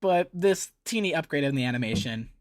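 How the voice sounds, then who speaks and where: A man's voice: a little high, a little fast, a little hiss or hum. Chatty man reacting to a cartoon. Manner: chatty, excitable, laughs easily. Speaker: reaction video host. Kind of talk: casual reaction commentary.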